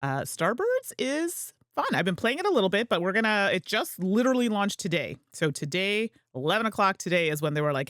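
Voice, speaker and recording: A woman's voice: medium pitch, very animated, fairly quick, hardly any pauses, a bit bright, dry recording, clean studio sound. A woman hosting a gameplay livestream, chatting in a rambling way and laughing easily. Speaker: host and streamer. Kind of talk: casual gameplay livestream chat.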